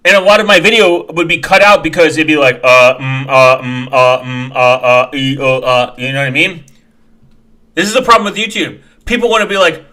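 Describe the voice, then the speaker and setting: A man ranting as he reacts to videos, swearing and mocking, dropping to quiet mumbles and then bursting into loud shouts. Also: medium pitch, normal speed. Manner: angry, profane, mocking, breaks into sudden shouts; mumbles quietly while reading comments aloud.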